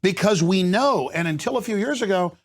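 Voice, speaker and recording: A man hosts a heated talk show, pressing his points with forceful emphasis. His voice sits a little high and carries a gravelly rasp. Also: animated. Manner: forceful, emphatic, rapid-fire delivery. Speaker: host.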